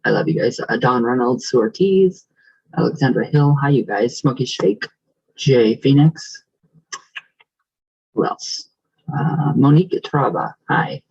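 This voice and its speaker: A man's voice: medium pitch, expressive, measured pace, gravelly, long pauses, a little mellow, husky, highs cut off. A man vlogger chatting casually with viewers and greeting them. He rambles with lots of fillers and sometimes rolls his R's. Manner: rambling and affectionate, many fillers. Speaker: vlogger reading viewer comments. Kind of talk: casual chat.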